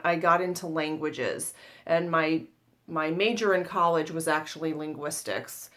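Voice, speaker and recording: A woman's voice: on the low side, a bit bright. Chatty American woman in her forties. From United States. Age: 40s. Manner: chatty, self-deprecating, laughs at herself. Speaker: tarot channel host. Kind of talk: casual chat to camera.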